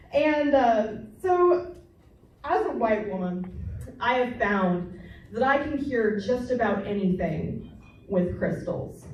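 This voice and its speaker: A woman's voice: fairly high pitch, darkish tone, slight background noise. A young woman doing a brash, crude stand-up comedy set, chatting with the crowd and mocking herself. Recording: distant mic in a very echoey room.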